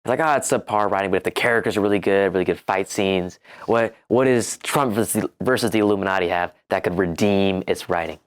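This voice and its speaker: A young man with a very deep, smooth voice. He steers a casual conversation, putting easy questions to the others. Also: fast talker, few pauses. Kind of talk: casual chat.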